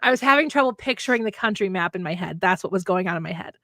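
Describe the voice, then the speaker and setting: A woman's voice: medium pitch, fast, no echo, clean studio sound. A woman from Minnesota, co-hosting a podcast and chatting casually, telling stories and acting out the quotes. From Minnesota, USA. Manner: animated storyteller, acts out quotes. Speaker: podcast co-host. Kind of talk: casual chat.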